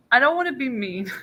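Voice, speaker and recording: Bright-voiced woman joking wryly. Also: a little high, slightly rough, poor audio. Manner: wry, joking, laughs often. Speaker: podcast co-host. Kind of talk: casual chat.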